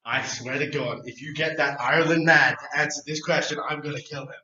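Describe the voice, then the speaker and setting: A man's voice: on the high side, fairly even intonation, a little fast, bright, forceful tone. A young man joking around on a chaotic comedic podcast in a rowdy, mock-threatening way, recorded in an echoey room on a poor microphone. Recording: echoey room, dull mic.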